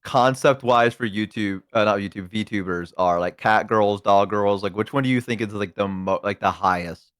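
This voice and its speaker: A man's voice: lowish voice, normal speed, fairly bright tone, no room sound, studio quality. A man in his twenties, a guest streamer, chatting casually in a laid-back, self-deprecating, rambling way. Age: 20s. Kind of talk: casual chat on a livestream.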